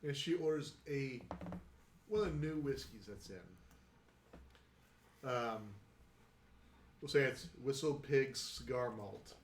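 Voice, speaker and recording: A man's voice: medium pitch, takes it slowly, long pauses, a little hiss or hum. A man narrating as game master of a tabletop role-playing game, telling the story unhurriedly with frequent fillers. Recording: roomy echo.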